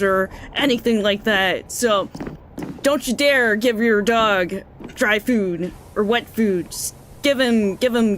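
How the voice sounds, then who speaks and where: A woman's voice: on the high side, fairly bright tone, a little hiss or hum. A woman doing a pushy, rambling old man. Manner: rambling, insistent, giving unasked advice.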